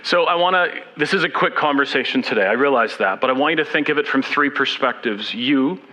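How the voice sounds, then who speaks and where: A man's voice: medium pitch, animated, a little fast, bright, forceful tone, rough recording. A man in his fifties, seated as he gives a candid, self-deprecating personal talk at a church service. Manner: candid, self-deprecating, acts out quoted people; speaks seated. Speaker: guest speaker.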